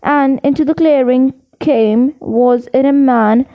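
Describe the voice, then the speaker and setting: A woman reading a children's novel aloud in a steady narrating voice, with occasional slips. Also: high-pitched, takes it slowly, muffled recording. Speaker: audiobook reader. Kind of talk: storybook narration.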